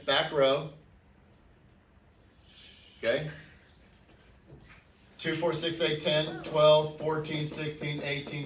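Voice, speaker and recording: Male chemistry teacher, bright and upbeat, jokes and quizzes a class; distant mic in a roomy classroom. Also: on the high side. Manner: upbeat, joking, counts aloud and quizzes students. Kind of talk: classroom lecture. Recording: echoey classroom, mic far off.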